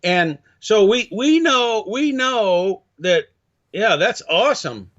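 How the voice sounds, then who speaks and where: A man, a guest in a casual chat, speaks haltingly, with many restarts and fillers. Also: high voice, expressive, a bit bright. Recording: dull lo-fi audio.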